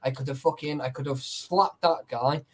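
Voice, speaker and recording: A man telling a story in casual chat, animated and full of swearing. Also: mid-range voice, normal speed. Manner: animated, heavy swearing, acts out quotes. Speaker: urban explorer telling a story.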